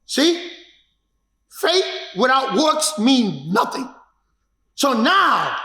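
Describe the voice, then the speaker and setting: A martial arts instructor telling his own story in an emphatic, repetitive way that builds to shouts. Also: very high voice, sing-song, takes it slowly, long pauses. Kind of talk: personal storytelling. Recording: echoey room.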